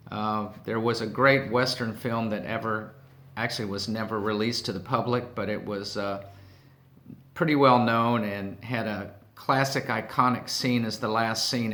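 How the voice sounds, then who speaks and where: A man as host of a comedy segment, telling corny jokes in a deadpan way and letting his voice drop off softly after each punchline. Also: on the low side.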